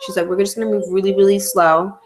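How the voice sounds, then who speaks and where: A woman's voice: mid-range voice, level tone, quick pace, noisy background. A woman vlogger telling a personal story in casual, candid, emotional slang.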